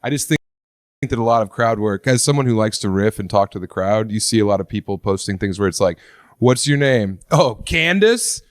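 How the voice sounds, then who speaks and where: Blunt low-voiced man grumbling. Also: fairly even intonation, fast, dry recording, clean studio sound. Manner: blunt, dismissive, mocking. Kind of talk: casual chat.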